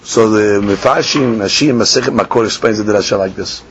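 A man's voice: lowish voice, slight background noise. Man teaching Talmud in a sing-song. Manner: sing-song reading of the text, then quick plain explanation; asks and answers his own questions. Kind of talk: Talmud lecture. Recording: dull lo-fi podcast recording with faint ambience.

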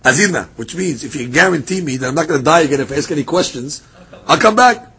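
A man teaching a daily Talmud class, reading passages aloud and retelling them as a lively story. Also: fairly high pitch, fast, husky. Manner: lively storytelling, reads Aramaic then explains in English.

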